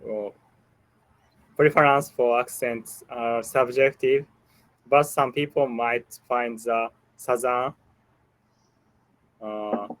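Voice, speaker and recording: A Japanese man practicing English on a video call. He speaks very slowly, stopping often and searching for words. He repeats phrases back as he works through them. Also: mid-range voice, steady tone, rough recording. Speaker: English learner. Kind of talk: online English lesson.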